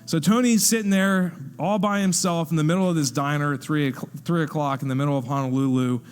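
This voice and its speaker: Male pastor telling a story in a sermon, fairly high voice, acts out the characters, long church reverb, faint music behind. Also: quick pace, slight background noise. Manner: lively narration, acting out the people in the story. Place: church hall.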